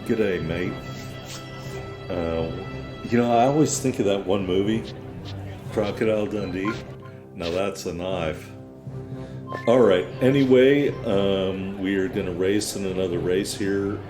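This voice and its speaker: A man's voice: lowish voice, normal speed, reverberant. A man hosting a gaming channel, talking casually over his gameplay with rambling, wry asides. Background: game music.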